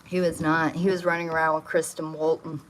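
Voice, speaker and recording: A woman's voice: low voice, flat delivery, brisk, slight background noise. A woman talking on a phone livestream from her home kitchen, swearing often and ranting in a heated, agitated way. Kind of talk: casual livestream chat.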